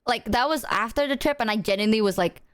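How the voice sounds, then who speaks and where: A woman's voice: on the high side, fast, smooth. A woman streamer chatting casually and telling a story with giggles and playful exaggeration. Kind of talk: casual chat.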